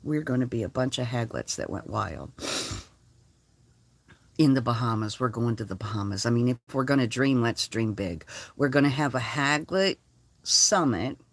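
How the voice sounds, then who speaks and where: Profane, animated older woman vlogger. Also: rumbling low, dry recording. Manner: blunt, profane, animated storytelling. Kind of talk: casual chat. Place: lives in a converted school bus.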